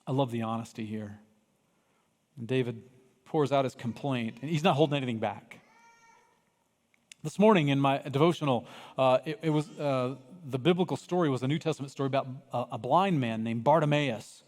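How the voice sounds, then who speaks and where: A male pastor preaching with an animated delivery, sometimes crying out loud, then dropping to near-hushed tones. His voice sits a little high for a man. It rings with the long reverb of a church hall. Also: moderate pace. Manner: animated, acts out voices of people in the story, swings from loud cries to hushed. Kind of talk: sermon. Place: church sanctuary.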